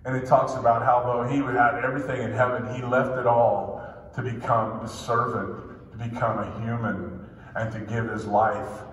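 A man's voice: medium pitch, little pitch movement, moderate pace. A male pastor giving an emphatic sermon, drawing out key phrases and repeating refrains. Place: church sanctuary. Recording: echoey hall, voice from far off.

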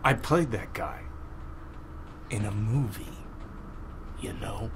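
A man playing a calm, deadpan, baffled movie star being interrogated in a comedy sketch. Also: fairly low pitch, takes it slowly. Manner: calm and deadpan, growing exasperated. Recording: faint background noise.

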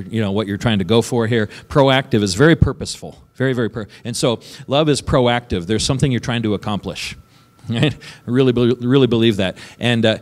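A man's voice: on the low side, in a large hall. A man preaching a sermon as pastor, talking conversationally and often checking in with "right?" between points. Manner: conversational, keeps asking "right?" and chuckling. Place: church sanctuary.

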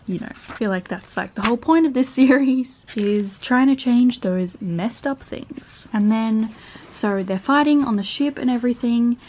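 Young Australian woman, book vlogger, chatty, animated, laughs a lot, medium pitch. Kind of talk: casual reading vlog chat.

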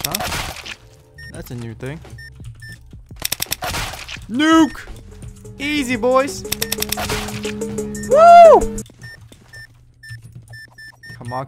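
A young man giving casual commentary over his own shooter gameplay, chatty and yelling at big plays. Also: medium pitch, gravelly. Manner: excitable, yells at big plays. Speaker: gaming YouTuber. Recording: loud game music and gunfire behind.

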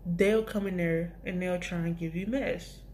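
A woman's voice: lowish voice, fairly even intonation, measured pace, a little mellow, slight background noise. A young woman vlogger telling a casual storytime about her job, rambling with many restarts and asides. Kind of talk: storytime vlog.

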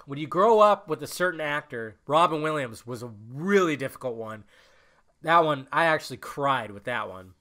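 A man's voice: fairly high pitch, lively intonation, moderate pace, sharp tone. A young man hosting a casual solo podcast, rambling and emotional, cursing often as he talks. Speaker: podcast host.

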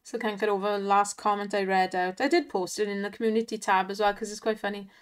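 A woman's voice: mid-range voice, little pitch movement, fast, clear, resonant tone. A Welsh woman hosting an online slots video, chatting casually and laughing often as she cheers on the spins. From Wales. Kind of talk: casual chat and commentary over gameplay.

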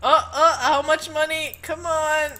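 A woman's voice: high-pitched, steady tone, measured pace, sharp tone, slight background noise. A woman hosting a gameplay session, giggling, swearing and reacting to the game as she plays with a friend. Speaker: channel host and co-player. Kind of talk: casual gameplay chat.

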